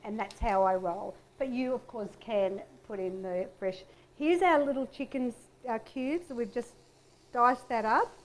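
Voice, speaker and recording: A woman's voice: a little high, unhurried. A middle-aged woman hosting a cooking show, chatting upbeat to viewers as she chops and fries in her kitchen. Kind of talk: casual cooking demonstration. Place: home kitchen. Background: pan sizzling and kitchen clicks.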